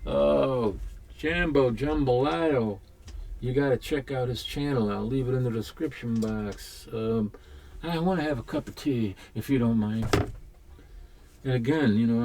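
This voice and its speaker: A man chatting casually while unboxing comics at home, rambling and halting, with the odd swear word. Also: mid-range voice, darkish tone. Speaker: comics collector vlogger.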